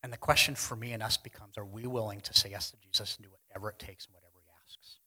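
A man preaching a sermon to a congregation, earnest, pushing some lines out loudly and dropping others to a hush. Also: on the low side, steady tone, fast talker, rough recording. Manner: earnest, swings between loud emphasis and hushed lines. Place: church hall with congregation.

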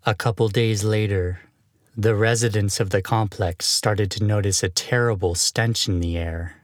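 A man narrating a short horror story with measured delivery and dramatic pauses. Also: lowish voice, fairly even intonation, dry recording.

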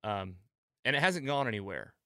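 A man's voice: on the low side, big pitch swings, moderate pace, bright, forceful tone, clean tone, dry recording, studio quality. A man hosting a podcast, talking casually and rambling a bit, with frequent fillers and restarts. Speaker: podcast host.

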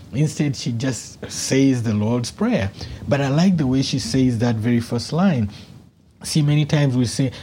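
A man's voice: mid-range voice, dark tone, slight background noise. A man preaching a teaching sermon on prayer, who builds to emphatic, repeated lines.

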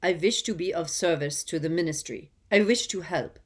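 A woman's voice: on the low side, a little slow, natural voice. A woman voicing a frightened, unctuous middle-aged male prisoner pleading before a council in a storybook reading.

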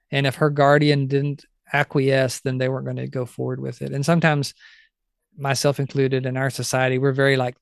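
A man's voice: mid-range voice, clean tone, dry recording, clean studio sound. A man telling a missionary story in an earnest, heartfelt way, acting out quoted lines. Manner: earnest, heartfelt, retells stories with voiced quotes. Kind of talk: conversational storytelling.

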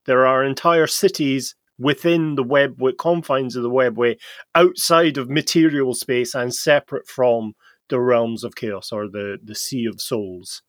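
A man hosting a casual podcast, slowly explaining game lore in a storytelling way with some fillers. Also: mid-range voice, dry recording.

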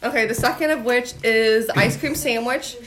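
A woman's voice: a little high, moderate pace, fairly bright tone. A young woman hosting a casual podcast, chatting and explaining things step by step. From United States. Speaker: podcast host. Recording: noisy amateur recording.

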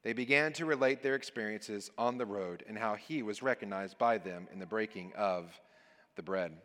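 Bright-voiced man preaching in a reverberant church. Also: on the low side, normal speed. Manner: earnest, emphatic preaching with falling phrase endings. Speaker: guest preacher. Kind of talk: sermon with scripture reading. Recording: long church hall reverb.

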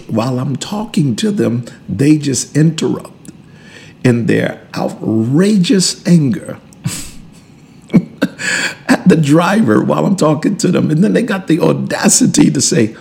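A man, a pastor hosting a podcast, teaching in a relaxed conversational way, repeating and restarting words and chuckling between points. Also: medium pitch, measured pace, creaky. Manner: emphatic, preacherly build-ups.

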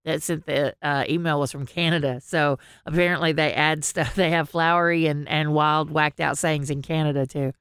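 A woman's voice: low-pitched, fairly even intonation, normal speed, few pauses, fairly bright tone, smooth, dry recording, studio quality. A woman co-hosting a podcast, telling rambling stories, laughing often and swearing freely. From American South. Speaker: podcast co-host. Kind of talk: casual chat.

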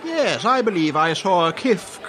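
A man's voice: high voice, wildly swooping pitch, moderate pace, crowd noise, background noise. A man playing a snooty, fussy diner with a pompous, sniffy manner.

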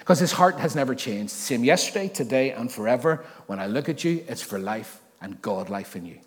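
A male pastor preaching at an ordinary middle pitch, his conversational delivery full of jokey asides and self-corrections. Every line trails off into the long reverb of a church hall. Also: expressive, brisk. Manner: restarts and repeats words while thinking aloud. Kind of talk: sermon.

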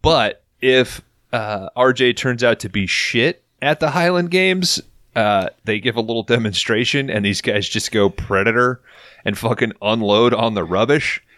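A man's voice: mid-range voice, measured pace, fairly bright tone, dry recording, studio quality. A man hosting a podcast, casually recapping a TV episode and swearing freely while acting out lines. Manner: profane, joking, acts out quotes. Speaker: podcast host.

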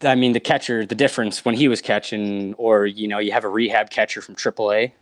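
A young man from Nova Scotia, a baseball umpire, telling lively anecdotes in a casual interview and laughing often. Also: lowish voice, a little fast, no room sound. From Nova Scotia, Canada. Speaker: minor league umpire, guest.

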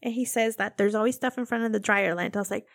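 A young woman telling a long, animated story about a domestic squabble, acting out both sides of the argument. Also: mid-range voice, quick pace, dry recording, studio quality. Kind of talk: casual storytelling chat.

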